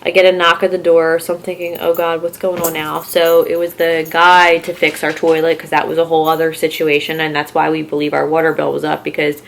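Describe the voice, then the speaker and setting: A young woman vlogger from Philadelphia rambles through a casual story, filling it with "like" and curse words. Her voice sits a little low and has a gravelly, fry-laced edge. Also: monotone, brisk, few pauses, slight background noise. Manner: rambling, full of "like" and swearing. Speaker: horror vlogger.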